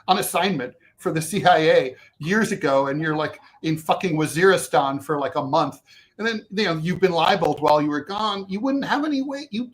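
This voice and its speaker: Guy on a talk show telling a story, animated, swears a lot, keeps restarting sentences. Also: sits high. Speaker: co-host. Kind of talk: casual storytelling chat.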